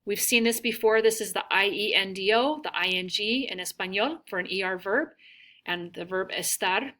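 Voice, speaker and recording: Woman teacher, bright tone, patient drilling of words, mid-pitched. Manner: models words slowly, prompts repetition. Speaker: Spanish teacher. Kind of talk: recorded classroom lesson.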